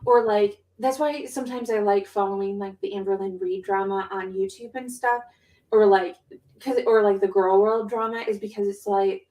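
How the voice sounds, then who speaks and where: A woman co-hosting a podcast and chatting casually. Her pitch sits in the middle of her range. She rambles and gets excited, packing her stories with fillers and restarts. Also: moderate pace. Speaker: podcast co-host. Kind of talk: casual chat. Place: home.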